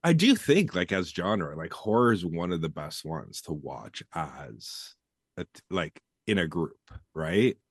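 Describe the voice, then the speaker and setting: A man's voice: sits low, sing-song, a little slow, husky, dry recording, clean studio sound. A middle-aged man from Canada co-hosting a movie podcast, talking in a laid-back, rambling way and swearing freely. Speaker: podcast co-host. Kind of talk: casual chat.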